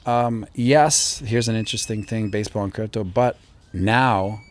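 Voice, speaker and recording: A man's voice: on the low side, measured pace. A man hosting his own channel, chatting casually and rambling as he answers viewer comments. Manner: relaxed and rambling, with frequent fillers and restarts. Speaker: crypto channel host. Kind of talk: casual live-stream chat reading viewer comments.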